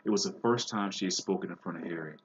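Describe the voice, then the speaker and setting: A man reads a novel aloud in a plain, patient way, pausing to explain harder words. His voice is very low. The recording is dull and lo-fi with steady hiss behind it. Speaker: reader.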